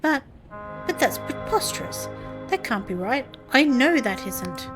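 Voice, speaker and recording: A woman with a high, animated voice plays an evasive librarian in late middle age for a game, speaking at a moderate pace. She sounds shaken but stays sugary, calling people dearie, while game music plays underneath.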